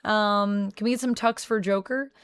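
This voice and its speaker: A young woman streaming from home, chatting casually with her viewers and thinking out loud into a close mic. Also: medium pitch, steady tone, moderate pace, smooth, no echo. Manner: chatty, talks to chat, thinks aloud. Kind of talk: casual livestream chat.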